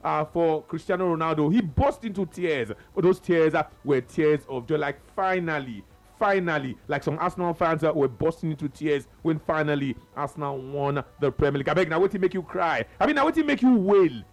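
A Nigerian-accented man hosting a sports talk radio show, his pitch a little high. He teases his co-host in an unhurried, drawn-out way, filling pauses with frequent ums and uhs. Faint music runs underneath. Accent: Nigerian English.

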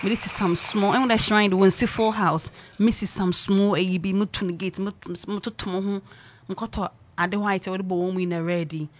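A woman's voice: mid-range voice, fairly even intonation, moderate pace. A woman with a Ghanaian accent hosting a radio show, chatting energetically and teasing, switching between English and Twi. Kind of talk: lively radio chat. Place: radio studio. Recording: loud music bed behind voice.

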